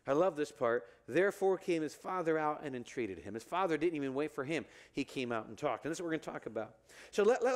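Man, pastor, sermon, fairly high voice, very lively pitch, acts out quotes. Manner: animated, acts out the brothers' lines with rising pitch. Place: church sanctuary.

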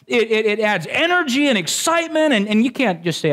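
Animated high-voiced male preacher. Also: brisk, few pauses. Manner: animated, rising to exclamations; jokey asides to the congregation. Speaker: pastor. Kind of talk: sermon.

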